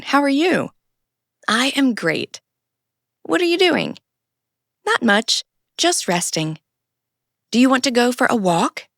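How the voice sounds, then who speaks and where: A woman's voice: on the high side, a bit bright, no echo, studio quality. A woman narrating a scripted English lesson in plain, simple sentences, acting out short example dialogues. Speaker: English teacher.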